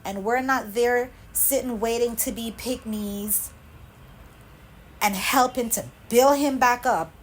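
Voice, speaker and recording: A woman with a high-pitched voice delivers an angry, impassioned rant for her reaction vlog. She speaks slowly and deliberately, repeating phrases for emphasis. Her tone stays heated and insistent throughout. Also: slight background noise, rough recording. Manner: impassioned ranting, repetitive emphasis. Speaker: commentary channel host.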